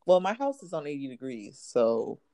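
A woman's voice: extremely low pitch, very animated, moderate pace, dark tone. A woman chatting casually as a co-host, playful and teasing, laughing easily. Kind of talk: casual chat.

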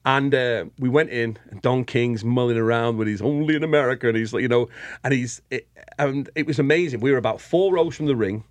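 A man from England with a British accent, a guest telling lively anecdotes in casual chat and laughing often. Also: mid-range voice, brisk, dry recording. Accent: British English. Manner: animated storyteller, laughs often.

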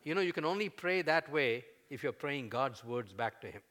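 A man preaching a sermon, conversational with fillers, building to loud, emphatic peaks as he voices prayers. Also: mid-range voice, expressive, moderate pace. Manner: fillers and restarts, conversational teaching.

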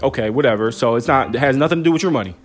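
A young man talks straight into his phone, swinging his pitch high and low as he fires off disbelieving questions. Faint music plays behind him. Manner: animated, incredulous, rapid-fire rhetorical questions. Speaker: sports fan vlogger. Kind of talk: casual phone-camera rant.

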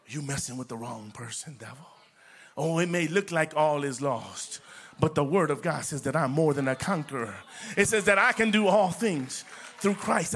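High-pitched, bright-voiced male preacher. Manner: swings from loud declarations to soft whispers; repeats words for emphasis. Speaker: pastor. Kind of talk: sermon.

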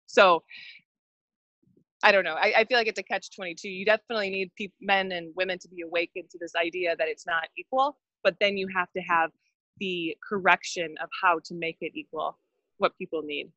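A woman's voice: fairly low pitch, steady tone, fairly quick, pushed and bright, no echo, highs cut off. A married woman talking in a casual conversation, opinionated and rambling. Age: adult, married.

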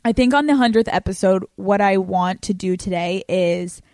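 A young woman in her twenties hosting a podcast, telling stories quickly and casually with plenty of swearing. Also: mid-range voice, dry recording. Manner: fast, profane, animated storytelling. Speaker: podcast host. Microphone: studio microphone.

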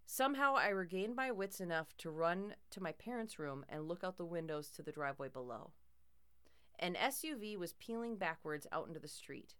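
A woman's voice: on the low side, lively intonation, normal speed, fairly bright tone, clean tone. A woman narrating a first-person horror story in a tense, dramatic way.

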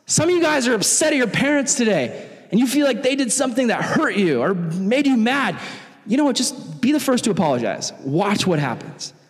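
A young man preaching to young people in a lively, conversational way. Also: very high-pitched, a little fast. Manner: animated, conversational, acts out voices. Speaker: youth pastor. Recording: long hall reverb.

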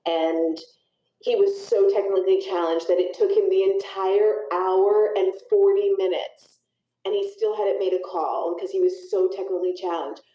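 A woman's voice: mid-range voice, steady tone, normal speed, reverberant, highs cut off. A woman casually sharing a volunteering story, sounding amazed. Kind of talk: casual chat.

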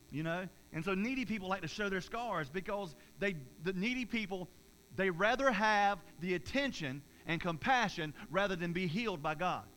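Guy pastor preaching, high bright voice, keeps restarting and repeating words, bit of background hiss. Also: rough recording. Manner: repetitive, stammering restarts, conversational preaching. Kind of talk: sermon. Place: church service before a congregation.

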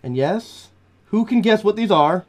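Male game master, animated, playful tabletop narration. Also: sits high, a little slow.

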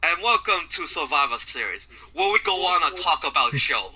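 A man putting on a deliberately bad Eastern European accent to greet listeners as a gruff comrade. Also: fairly high pitch, very animated, bright, forceful tone, heavily acted, low-quality recording. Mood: mock welcome. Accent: fake Eastern European.

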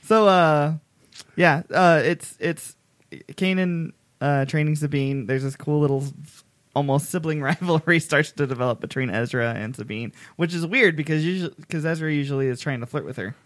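A man's voice: on the high side, moderate pace, no echo. A man co-hosting a casual podcast, recapping with enthusiasm. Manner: enthusiastic recapping, fillers and restarts. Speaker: podcast co-host. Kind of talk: casual chat.

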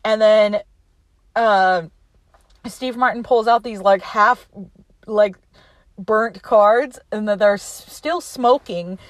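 A woman's voice: mid-range voice, slow, long pauses, no echo. A young woman casually retelling a movie plot, chatty and laughing often, acting out the characters' lines.

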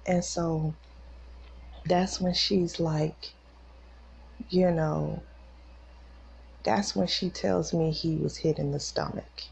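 Gravelly low-voiced woman telling a testimony. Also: fairly even intonation, slow pace, pauses often, a little mellow. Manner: emotional, acts out quoted voices; casual, conversational storytelling. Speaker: podcast host. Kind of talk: personal faith testimony, storytelling.

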